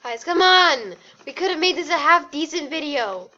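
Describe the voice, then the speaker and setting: A woman's voice: high voice, animated, noisy background. A woman telling a silly improvised story to friends in a casual, giggly way, over a dull lo-fi voice chat. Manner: giggly, drawn-out narration. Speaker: storyteller in a group drawing game.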